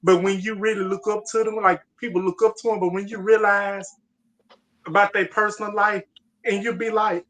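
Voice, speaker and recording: Woman, casual chat, slangy, laughing, animated storyteller, video call. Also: medium pitch, fairly quick.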